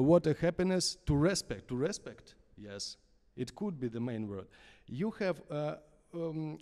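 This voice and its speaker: Male conductor with a Russian accent coaching a singer, halting and unhurried, warm low tone, concert-hall reverb. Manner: halting English with many fillers. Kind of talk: opera masterclass coaching.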